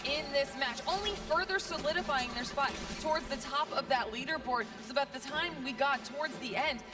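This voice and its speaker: A woman's voice: high voice, fairly quick, recorded from a distance, over music. A woman analysing an esports tournament in a conversational breakdown style.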